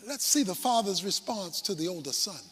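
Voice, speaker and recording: A man preaching a sermon, dramatic, swinging from shouts to hushed asides. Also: sits high, animated, brisk, big-room sound, a little hiss or hum.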